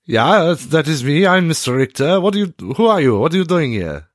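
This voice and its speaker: A man's voice: fairly high pitch, very animated, fairly quick, no room sound, clean studio sound, voice pushed up. A man voicing an elderly German restaurant owner with a German accent, stiff, formal and fussy. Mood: formal, wary.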